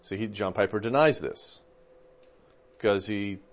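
A man teaching as a pastor, chatty and informal, often pausing on fillers and checking in with his listeners. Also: on the low side. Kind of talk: conversational teaching.

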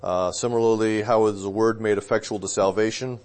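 Low-voiced relaxed pastor talking theology. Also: male voice, brisk. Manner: relaxed, rambling, with fillers and self-corrections. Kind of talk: casual theological discussion.

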